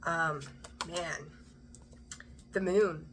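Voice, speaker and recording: A middle-aged woman giving a casual tarot reading, chatty and rambling, easily excited and laughing often. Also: low-pitched, drawn-out words, background noise. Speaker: tarot reader.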